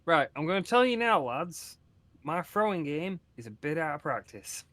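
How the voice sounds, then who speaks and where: A man playing a tabletop game, joking and animated in banter. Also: on the high side, normal speed, no echo. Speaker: player. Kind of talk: tabletop role-play banter.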